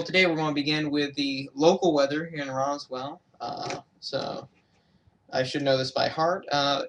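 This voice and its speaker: A man's voice: a little high, fairly bright tone, distant mic. A young man from Georgia giving a casual weather update on a livestream, hesitant, with many fillers and self-corrections. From Georgia, USA. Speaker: amateur weather broadcaster.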